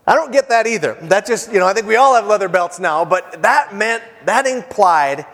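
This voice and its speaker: A man's voice: high-pitched, lively intonation, moderate pace, fairly bright tone. A man preaching a sermon as pastor, in a casual joking way with many fillers and restarts. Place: church hall. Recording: church hall with long reverb.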